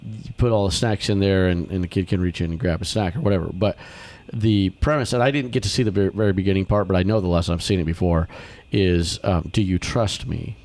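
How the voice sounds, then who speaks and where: A man hosting a podcast, telling a story in casual chat and acting out the people in it with sudden high-pitched quotes. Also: quick pace, hardly any pauses. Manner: animated storyteller, acts out quotes with big pitch jumps. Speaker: podcast host.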